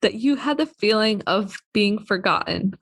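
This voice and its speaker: A woman's voice: mid-range voice, normal speed, fairly bright tone, dry recording. A woman co-hosting a casual podcast chat, easygoing and often laughing between sentences.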